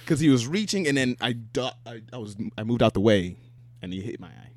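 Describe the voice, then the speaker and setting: A man chatting casually as a co-host, telling lively stories and swearing freely. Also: mid-range voice, a little fast, dry recording. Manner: animated storyteller, swears freely. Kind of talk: casual chat.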